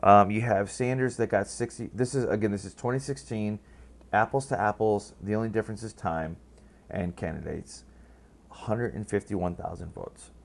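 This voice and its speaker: A man's voice: fairly low pitch, moderate pace, gravelly. A man giving casual, rambling political commentary, blunt and profane, full of fillers and restarts.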